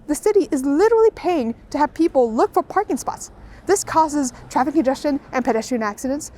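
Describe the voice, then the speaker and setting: A woman with a high voice delivers a scripted video essay voice-over. Her tone is sarcastic, and she rants her way through each point. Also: animated, brisk, warm tone, slight background noise. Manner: sarcastic, ranting.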